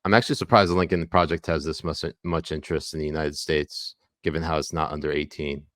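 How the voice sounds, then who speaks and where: A man's voice: very deep voice, steady tone, fast, a bit bright, dry recording. A male podcast co-host bantering crudely and sarcastically about politics, swearing and laughing often.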